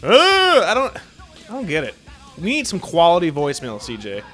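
A man's voice: fairly high pitch, huge pitch swings, brisk, fairly bright tone, faint music behind. A man co-hosting a podcast, joking around and swearing freely in casual banter. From Minnesota. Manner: profane, joking, playful. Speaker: podcast co-host.

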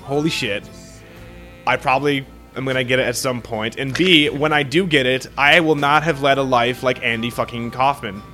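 A man's voice: medium pitch, moderate pace, bright, forceful tone, soft background music. A young man co-hosting a podcast in casual chat, rambling and swearing constantly. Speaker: podcast co-host.

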